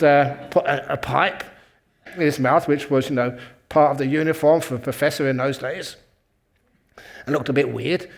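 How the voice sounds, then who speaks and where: A man who is a Buddhist monk and meditation teacher, telling a humorous story in a talk and chuckling at his own jokes. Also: fairly high pitch.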